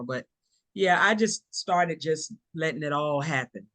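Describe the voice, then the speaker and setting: A speaker with a Southern US accent, talking casually on a video call, relaxed and chatty with frequent laughs. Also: mid-range voice, unhurried, no room sound. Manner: relaxed, chatty, laughs often, restarts sentences. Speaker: teacher selling an online course.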